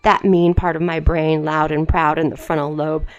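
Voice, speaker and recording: A woman with a slightly low voice reads fiction aloud for her podcast, leaning into the drama of the text. She keeps cutting in with dry, sarcastic asides that mock what she is reading. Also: level tone, moderate pace, smooth, dull audio. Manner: wry, mocking asides between read passages.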